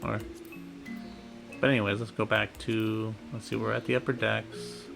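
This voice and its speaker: A man's voice: on the low side, flat delivery, moderate pace, creaky, over music. A man casually thinking aloud while playing a video game. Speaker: gamer. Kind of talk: casual gameplay commentary.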